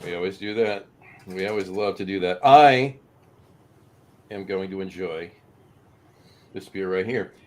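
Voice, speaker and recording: A man's voice: sits low, a little slow, long pauses. A man hosting a craft beer podcast in casual chat, easygoing and full of fillers, often repeating his own phrases. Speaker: podcast host.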